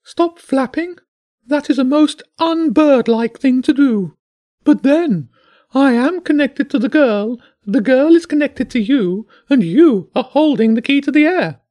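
A man's voice: very high-pitched, lively intonation, mellow, pitched above the performer's own voice. A man voicing a plump pigeon who is overjoyed to be flying again, cooing and exclaiming. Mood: ecstatic. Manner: joyful, cooing, drawn-out exclamations.

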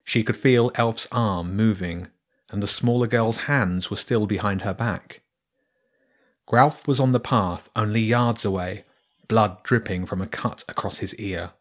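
Slow, low-voiced male storyteller. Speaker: narrator. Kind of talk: storybook reading.

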